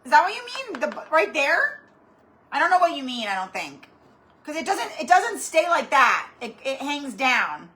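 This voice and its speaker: High, bright-voiced woman craft host. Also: huge pitch swings, normal speed. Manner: chatty and rambling, greets viewers by name. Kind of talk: live-stream craft tutorial.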